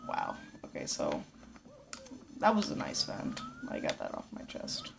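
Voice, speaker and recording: A woman's voice: medium pitch, wildly swooping pitch, unhurried, gravelly, noisy background. A woman giving casual, rambling let's play commentary, swearing a lot. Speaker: gameplay commentator.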